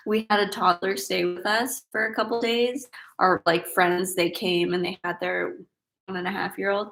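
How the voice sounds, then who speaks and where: A woman's voice: mid-range voice, vocal fry, a bit bright. A pregnant woman hosting a casual livestream Q&A, chatty and giggly as she reads viewer questions aloud. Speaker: host.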